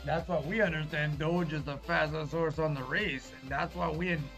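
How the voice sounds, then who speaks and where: A man's voice: a little high, fairly even intonation, normal speed, vocal fry, a bit bright. A man streaming live, reading viewer chat in a casual, reassuring way and calling everyone brother. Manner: laid-back, reassuring, calls viewers brother. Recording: dull lo-fi stream audio with faint music.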